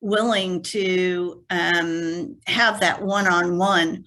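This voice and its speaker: A woman in the workshop audience giving a thoughtful, measured answer. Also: lowish voice, fairly even intonation, sharp tone. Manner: slow, thoughtful, measured with fillers. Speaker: workshop participant.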